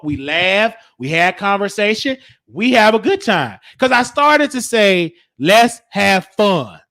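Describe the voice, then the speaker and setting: Animated storytelling man, high voice. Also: no room sound, clean studio sound. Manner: animated, acts out quoted voices. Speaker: show host.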